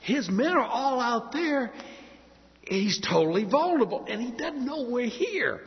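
A man's voice: extremely high pitch, big pitch swings, moderate pace, pitched above the performer's own voice, exaggerated voice. A man doing an eager soldier urging. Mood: urgent. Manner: urgent, coaxing. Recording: dull reverberant hall recording.

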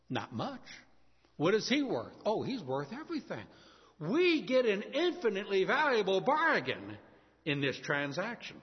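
A man's voice: sits high, wildly swooping pitch, moderate pace, breathy edge. A man preaching a sermon to a congregation, telling a story and acting out its characters' voices. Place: church. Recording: lo-fi church hall with long reverb.

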